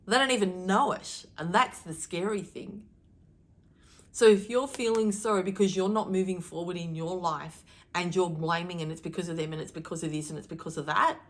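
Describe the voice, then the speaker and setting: A middle-aged woman delivering a channeled daily message to her viewers, emphatic and animated, deliberately shifting her tone to stir emotion. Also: lowish voice. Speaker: spiritual card reader.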